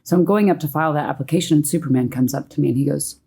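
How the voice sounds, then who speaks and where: A woman from Tennessee with a low, husky, mellow voice tells her story as a podcast guest. She is an animated storyteller who laughs often. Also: rapid-fire. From Tennessee, United States. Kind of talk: casual interview storytelling.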